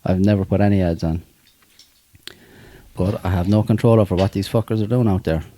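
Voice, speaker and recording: A man's voice: low voice, mellow. A man hosting a podcast, chatting casually with friends and swearing freely. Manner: swears a lot, quick laugh. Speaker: podcast host. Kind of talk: casual banter among friends.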